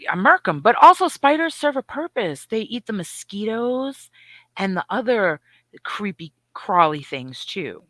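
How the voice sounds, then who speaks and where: Middle-aged woman co-host, bright voice, dry sound, lively and profane. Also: medium pitch, a little slow, no echo. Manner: animated, profane storytelling with voiced asides. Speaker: podcast co-host. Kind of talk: casual chat.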